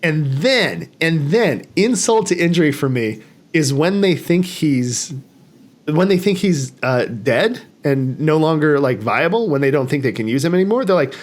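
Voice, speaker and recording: Man, podcast movie talk, animated, acts out quotes. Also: on the high side, moderate pace. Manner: animated, acts out quoted lines in raised voices. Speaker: podcast host. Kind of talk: casual movie discussion.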